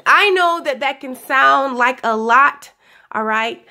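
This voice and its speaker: Young woman, high bright voice, slightly hoarse, affectionate chatty spiritual vlogger. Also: expressive, slow. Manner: chatty and affectionate, laughs often, calls listeners "honey". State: voice still recovering, a little hoarse. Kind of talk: casual spiritual pep talk.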